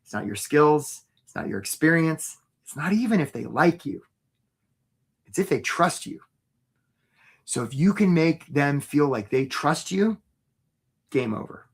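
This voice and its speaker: A man's voice: a little high, big pitch swings, unhurried, pauses often, breathy edge. A man hosting a live career webinar as a coach. He talks casually and upbeat, often asks "right?", and speaks straight to his viewers.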